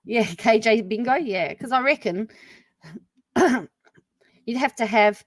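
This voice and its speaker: A woman's voice: on the high side, takes it slowly, pauses often, no echo. A woman hosting a live commentary stream, chatty and incredulous, reacting to clips and answering viewers. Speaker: commentary channel host.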